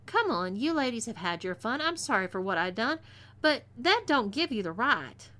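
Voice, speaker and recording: A woman's voice: fairly high pitch, big pitch swings, moderate pace, pushed and bright, voice pushed up. Texan woman voicing a stammering captive cowboy. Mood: defiant. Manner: stammering, meek, rough Western talk. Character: frightened captured outlaw man being feminized.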